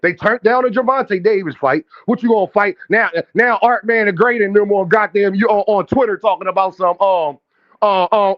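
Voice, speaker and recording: A man with a high-pitched voice, speaking at normal speed, hosts a live boxing stream. He talks brash, profane trash and calls out viewers directly in his chat, all over dull lo-fi stream audio.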